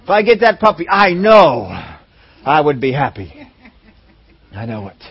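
A man preaching a sermon in an animated way, acting out voices in his stories, on a dull lo-fi recording. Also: fairly high pitch, unhurried, slightly rough. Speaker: pastor.

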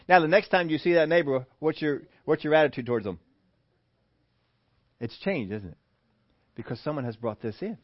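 A man preaching a sermon, animated, who acts out the voices he quotes. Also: on the high side, dry recording, highs cut off. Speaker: pastor.

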